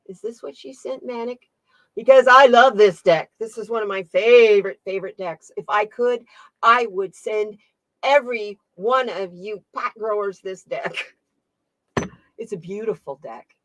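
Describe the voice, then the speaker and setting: A woman's voice: on the high side, a bit bright, no room sound. A woman hosting a casual live-stream tarot reading, chatting with her viewers, laughing often and reading their comments aloud. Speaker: tarot reader and channel host.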